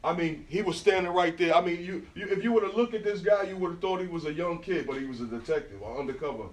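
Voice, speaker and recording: A middle-aged man with a New York accent giving a talk, telling lively stories in street slang and often checking in with the audience. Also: on the high side, fast. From New York, USA. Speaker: guest speaker. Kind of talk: storytelling artist talk. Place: indoor talk venue with audience. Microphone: phone recording from across the room. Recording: echoey room, phone mic far off.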